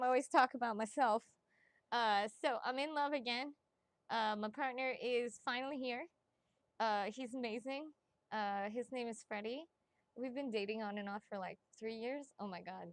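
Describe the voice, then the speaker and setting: A woman with a high voice chats her way through a psychic reading livestream, bubbly and prone to giggling between quick asides. Her voice sits close and dry on the mic at home, with no room sound around it. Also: no room sound. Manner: bubbly and giggly, chatty, talks fast with asides. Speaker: psychic reader, livestream host. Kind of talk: casual livestream chat.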